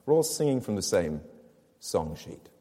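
A man's voice: on the low side, very animated, moderate pace, mellow, in a large hall. A man preaching a sermon to his congregation, explaining a scripture passage with rhetorical questions and emphatic repetition. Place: church.

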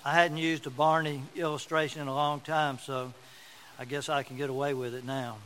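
A man preaching in a folksy, storytelling way, his voice sitting a little high for a man. He leans on repeated words to drive his points home. A faint hum of room ambience sits underneath. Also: level tone, normal speed, a bit bright, rough recording. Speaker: pastor. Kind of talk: sermon.

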